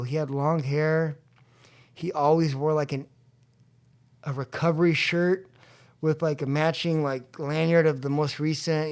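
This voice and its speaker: A young man recalls his past for a podcast, talking in a slightly raised register. He slips into other people's voices as he tells it and laughs often. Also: a little high. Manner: animated storyteller, acts out quoted voices, laughs often. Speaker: podcast guest. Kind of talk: storytelling about addiction recovery. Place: convention venue.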